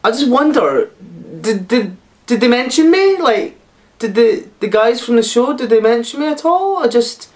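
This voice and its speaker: A man's voice: very high voice, big pitch swings, moderate pace. Theatrical man hosting a vlog. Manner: theatrical, gushing, self-mocking. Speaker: vlog host. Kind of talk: casual vlog chat.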